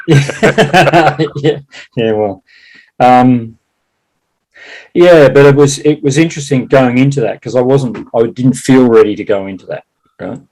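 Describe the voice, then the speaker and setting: A man talking in a casual conversation, halting with many restarts and laughing often. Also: mid-range voice, a little mellow, rough recording. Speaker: guest.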